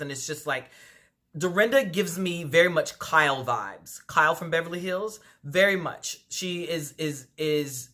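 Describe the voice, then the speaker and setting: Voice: mid-range voice, pushed and bright. A vlogger casually recapping a reality TV episode at home, gossipy and full of asides. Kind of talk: casual chatty commentary.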